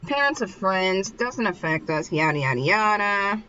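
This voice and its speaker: A woman voicing a calm teenage girl who brushes things off in an offhand way. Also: mid-range voice, normal speed, lo-fi sound, slight background noise. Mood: dismissive. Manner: offhand, dismissive.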